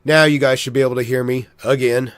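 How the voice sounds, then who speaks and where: A man hosting a casual livestream from his home, cursing freely and apologizing to his viewers. His voice sits at an ordinary middle pitch. The sound is dry, with no room echo. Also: fairly even intonation, quick pace. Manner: frustrated, swearing heavily, apologetic. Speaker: livestream host.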